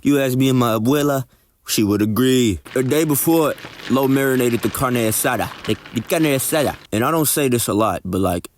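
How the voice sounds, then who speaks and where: A man's voice: mid-range voice, fairly quick, slight background noise. A young man narrating a cooking video in a joking voice-over, putting on a mock accent and sprinkling in Spanish words. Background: music.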